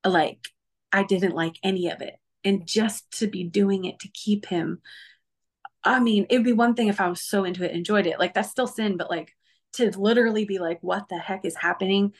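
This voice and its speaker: Woman, interview guest, earnest testimony, emotional storytelling, medium pitch. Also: normal speed. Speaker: guest sharing her testimony.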